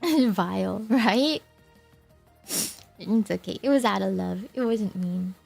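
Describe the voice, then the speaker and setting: A young woman streaming, chatting softly and emotionally with viewers, laughing often while crying. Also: mid-range voice, slow pace, gravelly, soft background music. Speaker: VTuber streamer. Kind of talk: casual chat with viewers.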